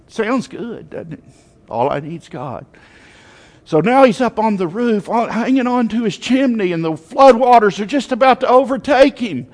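A man preaching a sermon to his congregation, telling a story with emphatic, animated rises in his voice. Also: sits high, moderate pace, in a large hall.

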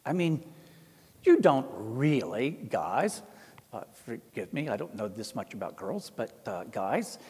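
A middle-aged Orthodox priest with an Appalachian Southern accent from the American South tells folksy, self-deprecating stories, acting out the voices he quotes. His mid-range voice is sing-song, a little slow, slightly mellow and slightly rough. The recording has a long hall reverb.

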